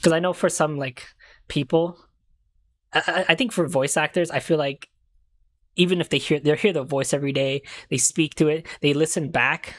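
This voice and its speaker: A woman's voice: sits low, fairly even intonation, normal speed. A woman streaming a courtroom game, chatting casually, laughing, swearing and stumbling over her words. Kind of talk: casual let's-play commentary.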